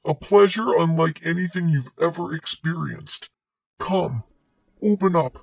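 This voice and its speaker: A man playing a calm, rambling cult leader. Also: a little high, measured pace, vocal fry, slightly rough, dry recording, exaggerated voice. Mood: serene, rambling. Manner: rambling, surreal, calmly self-assured. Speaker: cult leader on a talk show.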